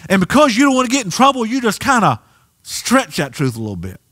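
A pastor with a Southern US accent preaching a sermon in a church, animated and rising to near shouts. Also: male voice, sits high, fast talker. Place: church sanctuary.

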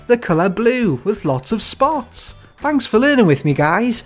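A woman teaching animal names to young children in a slow, sing-song way, inviting them to repeat each word. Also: on the high side, sing-song, soft background music. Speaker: children's educational host.

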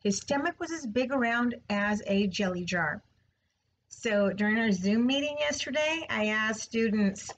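A teacher reading a chapter book aloud to her class, her voice sitting a touch high. She reads slowly and clearly, shaping each line with expression. There's a faint hum of room sound behind her. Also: animated, lo-fi sound. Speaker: third grade teacher. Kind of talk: storybook read-aloud.

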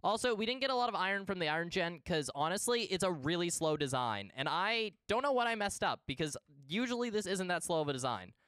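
A man's voice: high voice, very animated, fast, few pauses, fairly bright tone, smooth, dry recording, clean studio sound. A young man streaming a game live, chatting casually and playfully with his viewers and greeting them in bursts.

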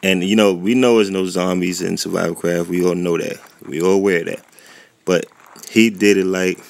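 A man's voice: low-pitched, creaky. A man giving rambling, chatty gameplay commentary who often loses his train of thought, recorded indoors at home. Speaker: gaming YouTuber. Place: warm indoor room at home.

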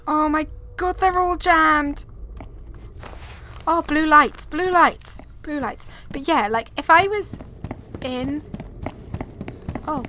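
Young woman gamer, high voice, frightened and rambling horror commentary, noisy background. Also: slow pace, long pauses, sharp tone. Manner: frightened, rambling, repeats herself, talks to viewers. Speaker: gaming video creator. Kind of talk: live horror game commentary.

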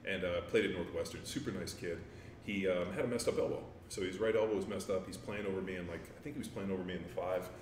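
A man with a very low, deep voice talks in a loose, rambling way, full of fillers and casual swearing. He sounds a little distant from the microphone, in a roomy space with faint ambient noise behind him. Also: fairly even intonation, quick pace. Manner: laid-back, rambling, with many fillers and profanity. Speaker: guest, former NFL offensive lineman. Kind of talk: casual interview chat.

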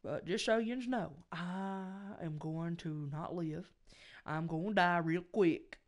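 A man's voice: fairly high pitch, slow pace. A man hosting a let's play, commenting nervously with lots of swearing. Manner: profane, nervous muttering. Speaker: gaming video host.

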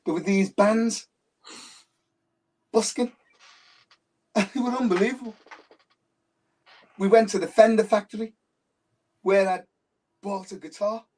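A casual interview guest from Liverpool, England, this man tells his stories with animation, repeating phrases for emphasis. His voice is high and darkish with a steady tone, unhurried and full of pauses. He sounds distant from the microphone.

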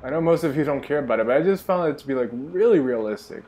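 A man's voice: mid-range voice, lively intonation, fast, darkish tone, a little hiss or hum. A young man giving enthusiastic, rambling commentary while playing a game. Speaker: gaming channel host. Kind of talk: let's play commentary.

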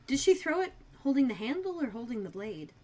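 A woman co-hosting a podcast, recapping a TV episode in casual chat and acting out the characters' lines in quick paraphrase. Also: high-pitched, very animated, a crowd in the background. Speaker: podcast co-host.

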